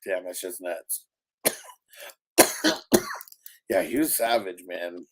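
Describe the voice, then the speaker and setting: A man's voice: deep voice, takes it slowly, a little hiss or hum. A man co-hosting a podcast in casual chat, laughing often and swearing. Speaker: co-host.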